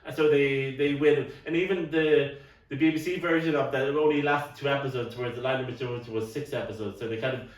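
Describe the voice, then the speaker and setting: A middle-aged man rambles through a casual podcast chat, tripping over repeated words and coughing at times. His voice is of middling pitch and sounds set back from the mic. The room around him is noticeably echoey. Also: steady tone, quick pace. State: coughing now and then. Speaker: podcast co-host. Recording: roomy, distant mic.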